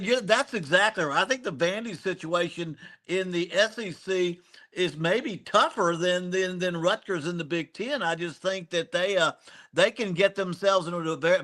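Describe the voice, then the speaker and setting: A man's voice: high-pitched, pushed and bright. An older man with a Southern accent, a former football coach co-hosting a casual sports chat and telling folksy stories. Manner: folksy storytelling, chuckles while talking.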